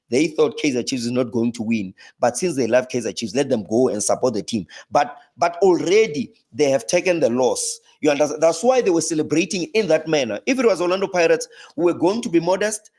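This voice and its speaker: South African man, casual pundit guest, leaps up in pitch when excited. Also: fairly quick. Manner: animated, pitch jumps high when laughing or exclaiming, frequent restarts. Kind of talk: casual chat.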